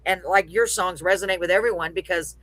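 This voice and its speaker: A woman from Texas, faint drawl still in her vowels, hosts a live web radio chat show. She gushes and laughs as she talks, in a bright, forward voice. The sound is dry and close, with no room around it. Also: fairly low pitch, a little fast, dry recording. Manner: gushing, laughing, chatty. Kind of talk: casual chat.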